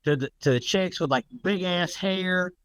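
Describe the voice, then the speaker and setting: A man's voice: sits high, normal speed, a bit bright, smooth, no echo. A man co-hosting a podcast, talking wistfully and profanely in casual chat. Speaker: podcast co-host.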